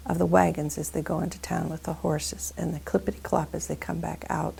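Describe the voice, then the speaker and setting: A woman's voice: deep voice, fairly even intonation, moderate pace, gravelly, darkish tone, breathy edge, rough recording. A woman practicing a story aloud, dwelling dramatically on sound words.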